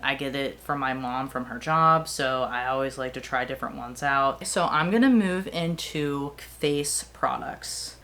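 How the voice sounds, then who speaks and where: A young woman talking casually and quickly, filling her talk with "like" as she reviews beauty products she has used up. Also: sits low, fairly bright tone. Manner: chatty, fast-talking with fillers. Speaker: beauty vlogger.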